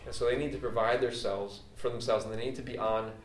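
A pastor preaches a casual, conversational sermon, loose and chatty with lots of fillers and restarts. His voice is medium-pitched and steady, and he talks quickly. The room is echoey, the mic distant, with faint ambience.

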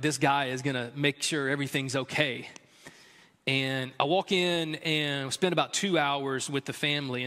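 A man's voice: mid-range voice, bright, forceful tone. A man preaching as a pastor and chaplain, telling a story candidly in a conversational way with many fillers. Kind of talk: sermon. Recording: long hall reverb.

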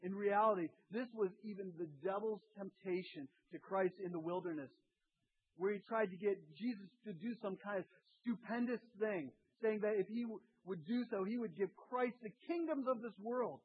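A middle-aged man preaching a sermon as pastor, lively and acting out voices of the people in his story. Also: high voice, slightly rough. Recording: tinny phone-like sound.

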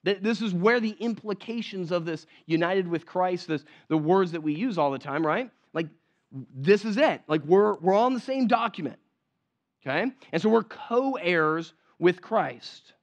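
A man with a fairly high voice preaches a sermon in a loose, chatty way and keeps asking whether his listeners are with him. The recording sounds a little dull and lo-fi. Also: animated, unhurried. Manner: conversational, checks in with the congregation. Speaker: pastor.

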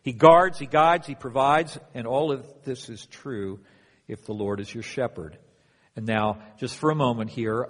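A man preaching a sermon as pastor to his church, moving from quiet reflection to loud, emphatic passages. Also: medium pitch, slightly rough. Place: church hall. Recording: long hall reverb.

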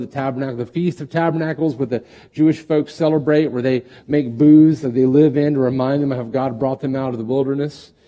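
A man, a pastor with five kids, preaching a sermon, reading scripture aloud and stepping out of the text to explain it, getting louder and higher when he voices God's words and quieter for asides. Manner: rising loudly when reading and voicing God, dropping soft for asides.

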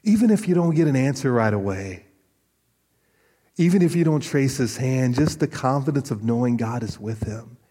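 A man preaching a sermon in a husky, slightly breathy voice. He talks in an animated, storytelling way, stumbling and restarting as he goes. His voice rings out with a long reverb, as in a large hall. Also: mid-range voice, moderate pace. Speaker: pastor.

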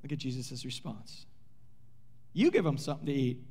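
A man preaching a sermon as pastor, telling the story in an animated way and playfully acting out the characters with sarcasm. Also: mid-range voice, normal speed, slightly rough. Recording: long hall reverb.

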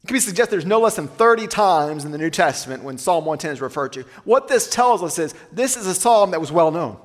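A man preaching a sermon, asking rhetorical questions and slowing down to read scripture aloud. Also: fairly high pitch, expressive, long reverb tail. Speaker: pastor.

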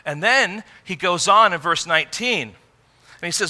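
A man preaching a sermon in an earnest way, rising to emphatic peaks and dropping low and quiet. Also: animated, unhurried. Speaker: pastor.

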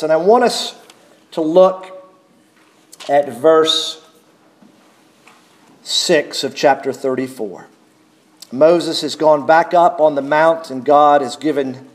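Measured, emphatic preacher in an echoey room. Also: male voice, on the high side. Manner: measured, emphatic delivery with deliberate pauses. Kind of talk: expository sermon.

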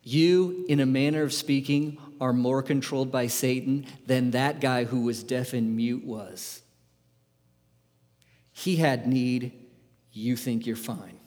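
A man preaching a sermon, firing rhetorical questions at the congregation in an animated, emphatic way. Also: mid-range voice, a little slow, long pauses, long reverb tail. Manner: asks the audience many questions, animated and emphatic. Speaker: pastor.

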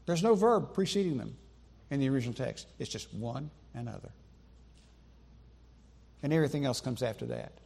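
A man preaching a sermon in a church sanctuary, emphatic, with slow deliberate pauses and repetition for stress. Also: mid-range voice, lively intonation, gravelly, darkish tone. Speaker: pastor.

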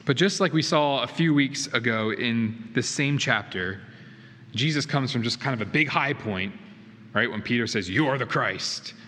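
A man's voice: medium pitch, animated, moderate pace, sharp tone. A male pastor preaching a sermon in a church, earnest and emphatic, with rhetorical questions. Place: church sanctuary. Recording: reverberant hall with faint noise.

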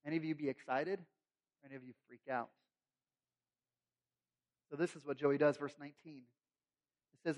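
A male pastor preaches in a relaxed, conversational storytelling way and drops humorous asides along the way. His voice sits fairly high. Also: unhurried, pauses often. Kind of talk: sermon.

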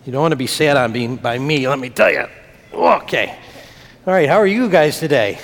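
A man's voice: mid-range voice, lively intonation, normal speed. A man leading a children's message in church, talking simply and playfully with the kids. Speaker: pastor. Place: church sanctuary. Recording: long reverb of a church hall.

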